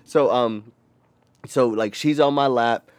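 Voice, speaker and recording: A young man co-hosting a casual podcast, telling a rowdy story with lots of profanity and loud acted-out quotes. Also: medium pitch, takes it slowly, no room sound. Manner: animated, profane, acts out quotes in a raised voice. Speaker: podcast co-host.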